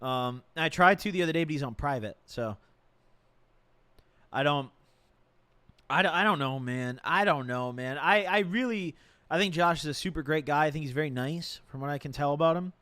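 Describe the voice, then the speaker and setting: A man's voice: on the high side, moderate pace, sharp tone, dry recording. A man streaming live, casually rambling and slangy as he reads a legal document aloud and reacts to it. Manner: rambling, repeats himself, slangy.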